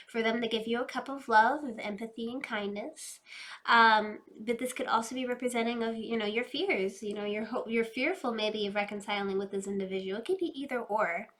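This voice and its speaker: A woman doing a casual, chatty tarot reading, fast-talking and loose, addressing her viewers directly. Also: on the high side, a bit bright. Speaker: tarot reader.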